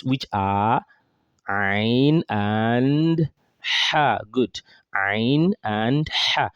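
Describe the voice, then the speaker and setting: A man teaching Quran recitation, drilling throat sounds slowly with exaggerated demonstrations and quizzing his listeners as he goes. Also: lowish voice, darkish tone, dry recording, dull audio. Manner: drills sounds slowly, asks and answers his own questions. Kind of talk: pronunciation lesson.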